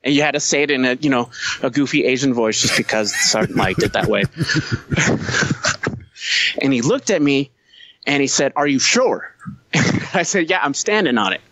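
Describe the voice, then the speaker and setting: A man's voice: mid-range voice, expressive, moderate pace, long pauses, fairly bright tone, dry recording, poor audio. A man who is a Marine veteran, telling a war story as a podcast guest, blunt and heavy on profanity. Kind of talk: casual storytelling.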